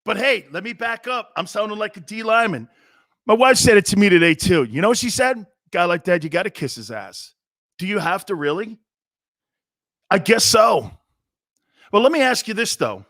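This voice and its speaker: Middle-aged male sports talk host, high bright voice, animated sarcastic rant, dry close sound. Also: normal speed, long pauses, no echo. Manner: animated ranting, sarcastic, mocking mimicry. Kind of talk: opinionated sports commentary.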